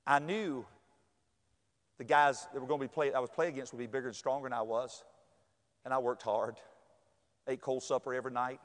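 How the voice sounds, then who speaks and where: A man from North Carolina, telling a personal story to an audience in a lively way, acting out other people's voices and sometimes shouting. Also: mid-range voice, a little fast, pauses often. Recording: long hall reverb.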